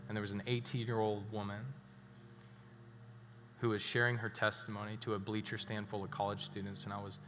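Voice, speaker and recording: A male pastor preaching in a church auditorium, his low, forceful voice ringing through a long hall reverb. Faint music plays beneath him. He tells a story, then drops suddenly into a hushed, emphatic tone. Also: little pitch movement, a little fast, slight background noise. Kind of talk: sermon.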